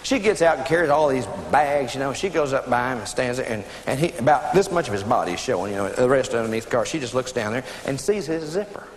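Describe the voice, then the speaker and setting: A man's voice: medium pitch, animated, fast talker, hardly any pauses. A man preaching a sermon, telling a humorous story in a folksy way with laughing asides, in an echoey room with audience noise.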